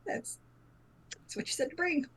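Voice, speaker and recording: A woman's voice: moderate pace, fairly bright tone. A woman playing in a tabletop game with a bubbly manner. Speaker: player. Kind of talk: tabletop role-play chat.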